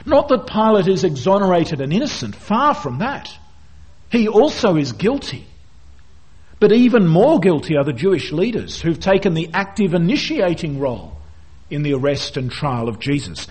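A man teaching through a Bible passage verse by verse, with an expressive delivery that drops low at the ends of phrases. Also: moderate pace, husky. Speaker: preacher.

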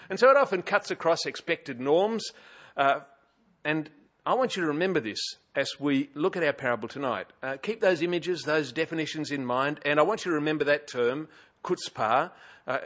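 A man's voice: on the high side, expressive, a little fast, fairly bright tone, muffled recording. Australian male pastor, chatty sermon. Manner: conversational, chatty, with frequent uh fillers and wry humour. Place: church.

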